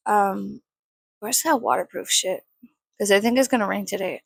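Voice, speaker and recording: A worn-out young woman rambles through her dawn makeup routine, swearing freely and teasing herself. Her voice has a rough, gravelly fry. The sound is dry and close. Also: medium pitch, normal speed, no echo. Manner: tired, swears often, self-mocking. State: tired. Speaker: vlogger. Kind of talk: casual early-morning makeup vlog.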